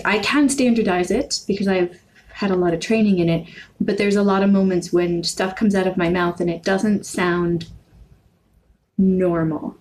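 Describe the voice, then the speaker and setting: An American woman from the Northeast, with some Canadian-sounding vowels, vlogging casually about language, rambling and correcting herself, with quirky intonation that jumps up when she gets excited. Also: medium pitch, fairly quick, a little hiss or hum, rough recording. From New York and Pennsylvania, USA. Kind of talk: casual talking-to-camera vlog.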